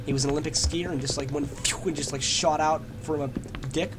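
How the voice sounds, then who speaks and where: A man giving joking let's play commentary on a horror game, rambling along and breaking into loud yelps when scared. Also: fairly high pitch, fairly even intonation, fairly quick. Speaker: gamer playing a horror game. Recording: noisy home recording.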